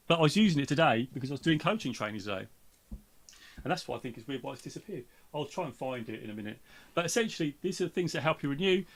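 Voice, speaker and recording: A man hosting a podcast in casual chat, rambling with lots of fillers and restarts. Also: a little high. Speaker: podcast host.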